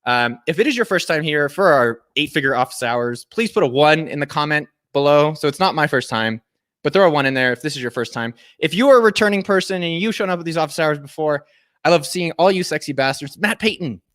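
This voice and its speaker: A man's voice: fairly high pitch, brisk, no room sound, clean studio sound. Joking, foul-mouthed man hosting a livestream. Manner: energetic, joking, swears freely, greets viewers by name. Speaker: host of live office hours. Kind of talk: casual livestream chat. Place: friend's home indoors.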